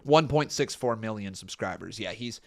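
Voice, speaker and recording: A man's voice: fairly low pitch, animated, moderate pace, creaky. A young man from Canada doing casual live-stream commentary, exclaiming and laughing often as he looks back at old videos.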